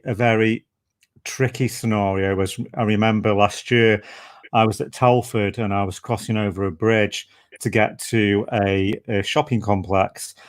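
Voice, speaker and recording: A man with a fairly low voice conducts an interview. He talks earnestly and haltingly, circling back with "you know" and restarts as he tells his story. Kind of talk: conversational interview.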